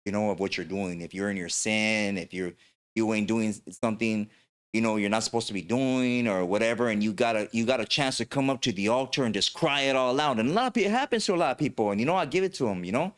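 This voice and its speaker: A man's voice: on the low side, fast talker, a bit bright. Slangy man telling stories. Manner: slangy, rambling storyteller. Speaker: podcast host. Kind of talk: casual podcast storytelling.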